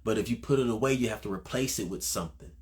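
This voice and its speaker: A man's voice: lowish voice, fast talker, a little mellow. Slangy preacher man sharing a testimony. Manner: casual, conversational, repeats phrases for emphasis; slangy, calls listeners bro and man.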